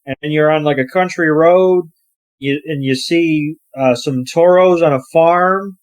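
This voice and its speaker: A man co-hosting a podcast, recapping a film casually and hesitantly, with plenty of fillers. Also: on the high side. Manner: unhurried, hesitant storytelling with fillers. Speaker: podcast co-host.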